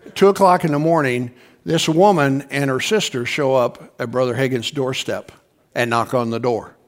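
A man's voice: mid-range voice, normal speed. A male pastor delivering a sermon as a conversational story, often calling on the congregation to respond.

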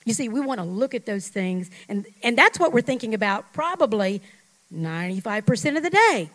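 A middle-aged woman pastor preaching a sermon, emphatic, leading the congregation in call-and-response and dropping at times to a hush. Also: fairly high pitch, rough recording. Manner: emphatic, swings from loud to hushed.

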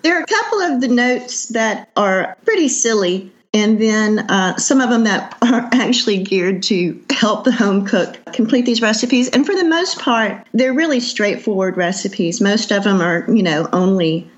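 A woman's voice: mid-range voice, animated, moderate pace, hardly any pauses, highs cut off. A woman, chatting as a cookbook author guest in an interview, laughing easily and trailing off with fillers. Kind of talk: casual interview chat.

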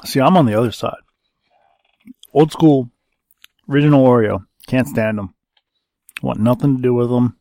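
A man co-hosting a laid-back podcast who talks slowly and deliberately, with a dry teasing edge. His pitch is middling and the sound is close and dry, with no room echo. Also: mellow. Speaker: podcast co-host. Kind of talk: casual chat.

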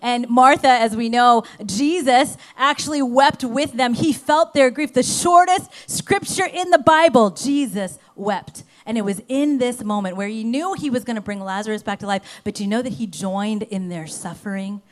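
A woman pastor preaching a sermon to her church, emphatic, swinging between loud urgency and soft hushed passages. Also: on the high side, moderate pace, hardly any pauses.

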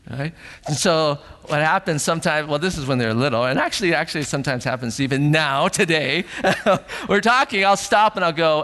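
A middle-aged man preaching a sermon as pastor in a church sanctuary, animated, acting out voices and asking rhetorical questions. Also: on the high side. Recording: long hall reverb.

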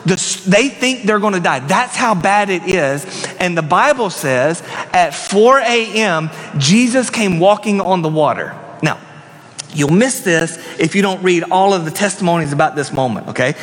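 High-voiced man preaching in a hall. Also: expressive, moderate pace. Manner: dramatic storytelling, dropping to hushed emphasis. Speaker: pastor. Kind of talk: sermon. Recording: long reverb of a church hall.

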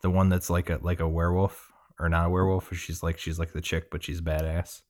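A tipsy man co-hosting a casual podcast chat, scattered and halting, swearing freely as he tries to work through a list. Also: deep voice, level tone, darkish tone. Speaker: podcast co-host.

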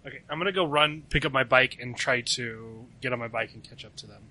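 Very bright-voiced male tabletop player. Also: medium pitch, brisk, a little hiss or hum, poor audio. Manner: relaxed, talks through his character's actions. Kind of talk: casual tabletop game play.

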